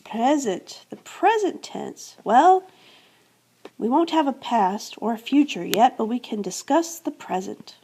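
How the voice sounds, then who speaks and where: A woman's voice: on the high side, expressive, unhurried, dark tone, slightly rough. A woman teaching a grammar lesson, explaining step by step, repeating verb endings and answering her own questions. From United States. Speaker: Spanish teacher. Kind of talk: classroom-style grammar lesson.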